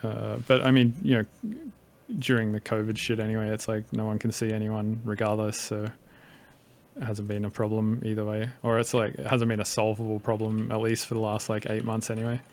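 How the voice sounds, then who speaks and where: A man's voice: lowish voice, flat delivery, fairly quick, a little mellow, slight background noise. A man in his thirties from Australia with a light Australian accent, a podcast guest talking casually in a rambling way and swearing freely.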